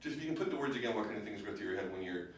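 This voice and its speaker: A male host asks long, rambling questions in quick bursts and keeps restarting his phrasing. He sounds far from the mic, in a strongly echoing room. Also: on the low side, animated, slight background noise. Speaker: interviewer, host. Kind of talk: interview questions.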